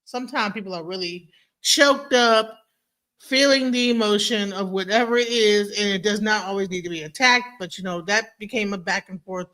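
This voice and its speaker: A woman talks through a story from her past in a relaxed livestream chat. Her voice is bright and sits a little high. She jumps into quick impressions of the people she quotes. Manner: animated storyteller, mimics others in high voices. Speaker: DJ and guest.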